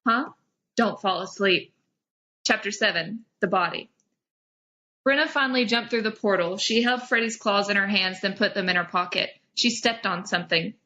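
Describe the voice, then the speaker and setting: A woman's voice: medium pitch, normal speed, sharp tone, dull audio. A young woman hosting a comedy podcast, dramatically reading old fan fiction aloud and breaking into giggles. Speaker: podcast host.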